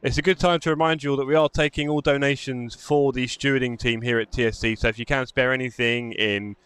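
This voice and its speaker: A man's voice: mid-range voice, fairly even intonation, fast, fairly bright tone, smooth. Chatty male sim racing stream host. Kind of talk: live race commentary and chat. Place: home sim racing setup.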